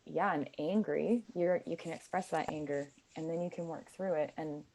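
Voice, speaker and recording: A woman's voice: sits low, fairly even intonation, normal speed, creaky, mellow. A woman in her twenties, a guest speaking earnestly and casually, with frequent fillers and restarts. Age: 20s. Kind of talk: casual conversation.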